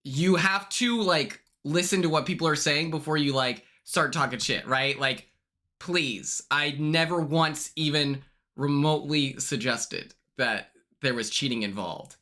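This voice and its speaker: A young man hosting a livestream, chatting casually in a blunt, sassy way, swearing freely and quick to apologize. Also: a little high, bright, forceful tone. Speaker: livestream host.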